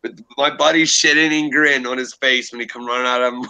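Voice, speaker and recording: A young man hosting a livestream, telling a long story in a casual, profane, animated way. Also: mid-range voice, fast, gravelly, smooth, no echo, rough recording. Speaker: livestream host.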